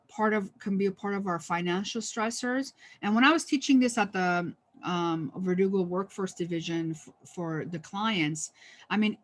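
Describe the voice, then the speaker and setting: Chatty woman leading a stress workshop. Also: lowish voice. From United States. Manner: conversational, many fillers and restarts; lightly humorous. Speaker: workshop trainer. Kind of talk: online training presentation.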